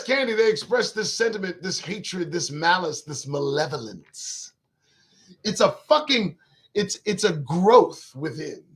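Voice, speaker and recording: A man hosting his own talk show, riffing in a casual live-stream monologue to viewers' chat, profane, rambling and emphatic. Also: high-pitched.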